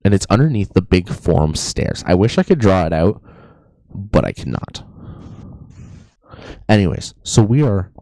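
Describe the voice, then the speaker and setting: Gravelly low-voiced young man. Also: sing-song, moderate pace, long pauses, mellow, no room sound. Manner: joking, rambling, says "anyways" a lot. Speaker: podcast co-host. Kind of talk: casual storytelling chat.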